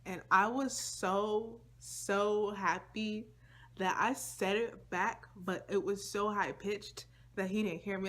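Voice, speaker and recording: A woman's voice: medium pitch, steady tone, slow pace, fairly bright tone. A young woman vlogger telling a personal story to her viewers in a casual, slangy, chatty way.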